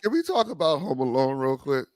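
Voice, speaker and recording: A man co-hosting a podcast in casual chat, enthusiastic and quick to joke and swear. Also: medium pitch, very animated, a little mellow. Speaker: podcast co-host.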